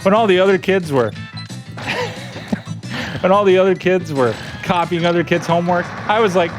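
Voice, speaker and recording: A man's voice: a little high, expressive, a little slow, long pauses. A man streaming a video game live, upbeat and playful as he chats with his viewers. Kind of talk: casual live-stream chat while gaming. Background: game music.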